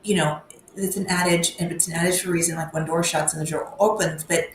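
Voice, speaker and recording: A woman's voice: on the low side, steady tone, fast talker, background noise. A woman podcast host, affirming and thoughtful, reflecting on what her guest shared. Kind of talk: reflective interview talk. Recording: echoey room, faint ambience.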